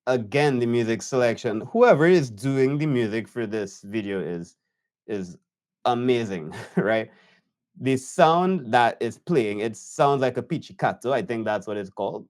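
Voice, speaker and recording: A man reacting to a video as an editor, unhurried and admiring as he talks through the choices. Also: mid-range voice, expressive, a little mellow. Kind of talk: reaction commentary.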